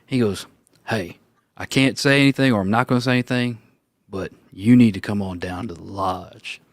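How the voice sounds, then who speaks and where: A man on a roundtable show telling a personal story in a casual, animated way, acting out the voices of the people he quotes and laughing now and then. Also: lowish voice, normal speed, no echo. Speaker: roundtable co-host.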